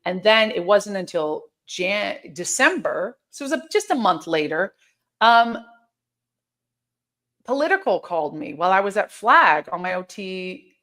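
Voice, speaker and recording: Animated woman telling her story. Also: mid-range voice, a little slow. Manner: animated, emphatic, frequent restarts and quoted dialogue. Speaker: interview guest. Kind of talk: candid conversational storytelling.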